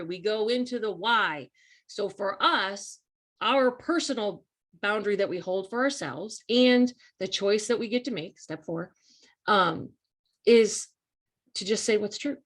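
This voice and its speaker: A woman's voice: medium pitch, measured pace. Woman doing a live coaching chat, earnest, repeats her points, talks right to you. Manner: earnest, emphatic and repetitive, addresses listeners directly. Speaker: life coach hosting a weekly live talk. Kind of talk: casual motivational talk on a live stream.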